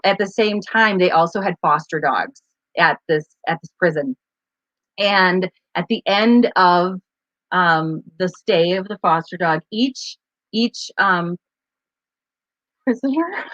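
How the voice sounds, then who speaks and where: A woman's voice: fairly low pitch, takes it slowly, fairly bright tone, no echo. Woman, casual live-stream chat, rambling storyteller, dry close sound, a bit muffled. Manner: rambling, chatty storyteller with many fillers. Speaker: co-host of a live advocacy stream.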